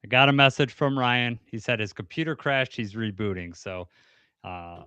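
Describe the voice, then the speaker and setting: Man, podcast co-host, casual live chat, bright tone, dry close sound. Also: mid-range voice, moderate pace, clear, resonant tone, no echo. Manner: rambling, laughs easily, greets chat viewers.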